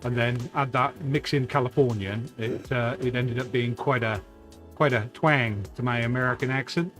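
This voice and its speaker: Relaxed Gloucestershire man chatting. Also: medium pitch, faint music behind. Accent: Gloucestershire English. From England. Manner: relaxed, reminiscing, halting with fillers. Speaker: stream producer. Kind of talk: casual live-stream chat.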